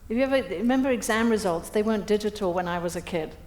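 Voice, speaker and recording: At a breakfast event, a middle-aged woman gives a fast-paced keynote full of self-deprecating humor and storytelling. Her mid-range voice stays lively as she acts out quotes, all captured in an echoey hall.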